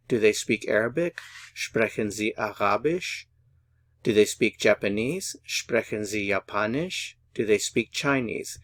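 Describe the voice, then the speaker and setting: Slow, deliberate male language teacher. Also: fairly low pitch, dry recording. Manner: patient, deliberate, repeats phrases slowly. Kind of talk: slow, syllable-by-syllable pronunciation lesson.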